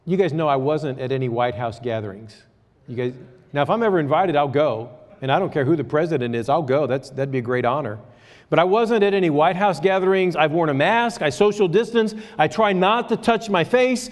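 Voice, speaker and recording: A man preaching a sermon to his church, talking to the congregation in a conversational way that moves between quiet asides and raised exhortation. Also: fairly high pitch, expressive, normal speed, big-room sound. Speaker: pastor.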